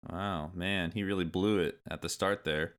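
A man with a very deep voice co-hosting a casual podcast. He makes quick jokes and laughs often at his co-host's stories. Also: fairly even intonation, a bit bright, clean tone. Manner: joking, quick to laugh, wisecracking asides. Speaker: podcast co-host. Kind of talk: casual chat.

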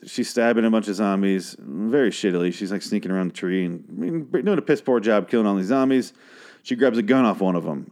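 A man with a fairly low voice talks through a TV episode in a loose, rambling recap. He is sardonic and profane, and often trails off or restarts mid-thought. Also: dark tone. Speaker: show recap podcaster.

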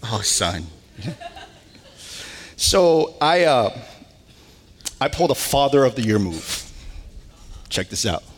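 A man in his thirties preaching a sermon as pastor, telling a family story with lively animation. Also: medium pitch, takes it slowly, pauses often, slight background noise. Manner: animated storytelling with wails and laughs. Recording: long hall reverb.

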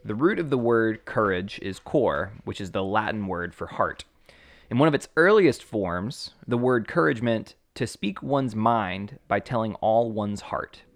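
A man co-hosting a podcast, recapping excitedly and reading a quote in casual chat. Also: measured pace. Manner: excitable, jumps into squeaky character voices. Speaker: podcast co-host.

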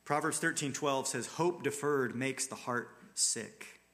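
A man's voice: medium pitch, measured pace, fairly bright tone. A man preaching a sermon, telling the scripture story in an earnest, dramatic way. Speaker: pastor.

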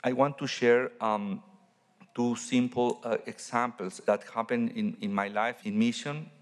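A man, a Catholic priest, giving a homily in halting English and searching for his words. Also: mid-range voice, steady tone, big-room sound.

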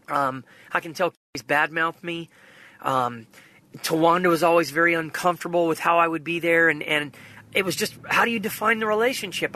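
Earnest man telling a story, bright voice. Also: a little high. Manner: earnest storytelling, retelling a phone call. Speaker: vlogger. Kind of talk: personal faith vlog.

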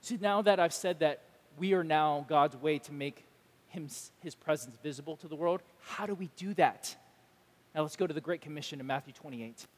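High-voiced man preaching in a reverberant hall. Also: moderate pace. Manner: animated, emphatic preaching with mock dialogue. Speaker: pastor. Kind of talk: sermon.

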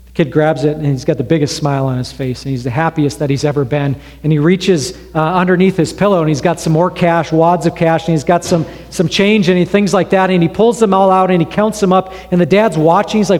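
A man preaching a sermon in a church, telling an illustration story in a conversational way with pauses. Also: a little high, fairly even intonation, darkish tone. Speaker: pastor. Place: church sanctuary. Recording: long reverb of a hall.

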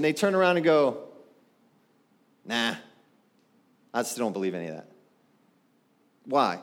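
Male pastor, sermon delivery, animated with rhetorical questions, a little high-pitched, long church reverb. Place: church sanctuary.

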